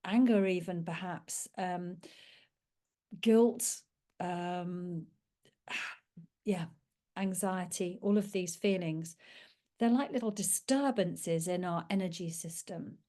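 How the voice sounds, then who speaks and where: A woman, working as a parenting coach, gently and reassuringly explains a calming technique. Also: lowish voice, takes it slowly, long pauses. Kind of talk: talking-head teaching video.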